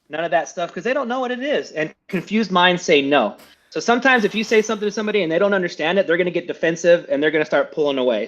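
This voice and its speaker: Fast-talking male sales coach. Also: high-pitched, muffled recording. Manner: fast, energetic, coaching with frequent checks like "okay?". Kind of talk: live sales training feedback.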